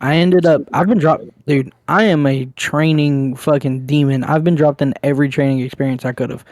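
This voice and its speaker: A man's voice: on the high side, fairly even intonation, normal speed, a little mellow, no room sound, clean studio sound. A young man co-hosting a podcast, telling crude, rambling stories in casual chat. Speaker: podcast co-host.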